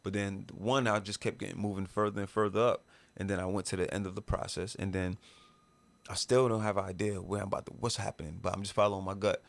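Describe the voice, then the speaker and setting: Animated Brooklyn man telling stories. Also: fairly low pitch, fast talker, vocal fry. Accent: New York. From Brooklyn, New York. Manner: animated, acts out quoted voices with slang. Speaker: interview guest. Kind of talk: casual storytelling.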